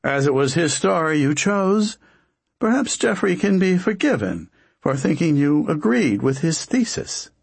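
A man reading as a tactful school headmaster who smooths over an awkward moment. Slow, breathy delivery. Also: fairly high pitch, big pitch swings, no echo, voice pushed up, full character voice. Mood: diplomatic. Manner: smoothing, diplomatic. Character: diplomatic male school headmaster.

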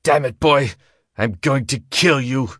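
A man's voice: fairly high pitch, animated, moderate pace, a bit bright, no room sound, clean studio sound, voice pushed up. A man voicing an armed male gambler who taunts and then pleads in a story reading. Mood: taunting.

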